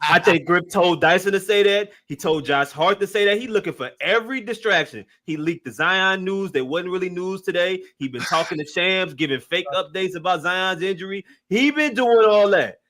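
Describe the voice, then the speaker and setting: A man's voice: sits high, normal speed, few pauses, sharp tone. A man with a New Orleans accent, insistently arguing a theory on a sports podcast. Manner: conspiratorial, insistent. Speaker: podcast co-host. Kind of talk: casual sports chat.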